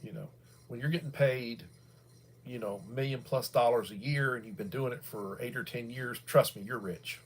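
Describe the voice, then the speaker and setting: A middle-aged American man, bald in voice quality, hosts a livestream with casual, rambling commentary full of fillers and restarts. His voice sits mid-range with a breathy edge, and he speaks at a moderate pace.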